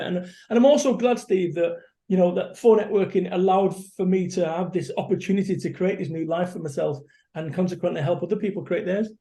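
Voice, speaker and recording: Middle-aged motivational speaker from Manchester; high, warm-toned, blunt and energetic. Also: male voice. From Salford, Manchester, England. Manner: blunt, energetic, swears casually. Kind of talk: casual interview chat.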